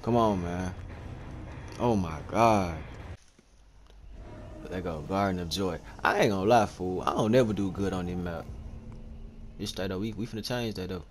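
A young man giving live gameplay commentary, excitable and trash-talking, repeating phrases quickly as he plays. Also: low voice. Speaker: gaming video creator. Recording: steady clear background noise.

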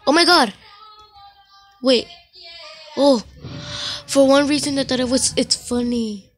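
A woman chatting her way through an online game in a casual, excitable voice. She speaks at an unhurried pace, with a voice a touch higher than most, and keeps breaking into exclamations. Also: faint music behind. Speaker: gamer.

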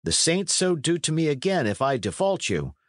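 A man's voice: on the high side, very animated, normal speed, no room sound, studio quality, voice pushed up. A man reading an audiobook, voicing a bold and good-hearted young squire with hearty, old-fashioned speech. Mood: resolute.

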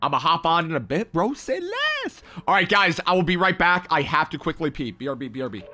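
A man's voice: fairly high pitch, animated, fast talker, sharp tone. A young man livestreaming a mobile game, reading his chat aloud with hyped, playful, slangy banter. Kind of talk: live gaming stream, reading chat.

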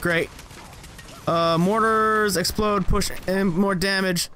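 A young gaming channel host gives casual, rambling commentary as he plays, joking at his own expense and breaking into high, excited yelps. He speaks at a slow pace, with slight background noise behind him.

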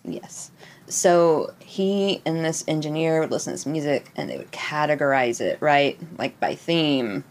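A woman with a slightly low voice co-hosts a casual podcast. She reads passages aloud and then drifts into chat. She is giggly and swears freely. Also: a little slow. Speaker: podcast co-host.

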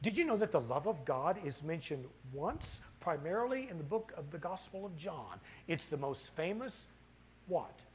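A man's voice: on the high side, big pitch swings, moderate pace, a little hiss or hum. A middle-aged man preaching a sermon as pastor in a church, asking the congregation questions and building to fired-up, impassioned peaks. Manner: asks the congregation rhetorical questions. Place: church sanctuary.

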